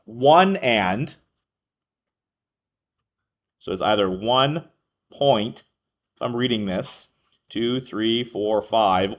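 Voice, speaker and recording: A man's voice: lowish voice, slow pace, pauses often. A male math teacher explaining a lesson to a class, thinking aloud, correcting himself and calling on students by name.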